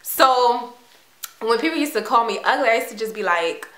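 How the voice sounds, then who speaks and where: A young woman from Washington, D.C., telling a personal story in a chatty, animated way with casual slang. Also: on the high side, normal speed. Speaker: vlogger. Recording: echoey room.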